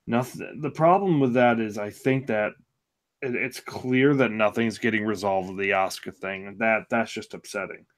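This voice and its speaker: A man's voice: on the low side, moderate pace. A man co-hosting a podcast in casual chat, laid-back and wry, hesitating with many ums. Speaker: podcast co-host.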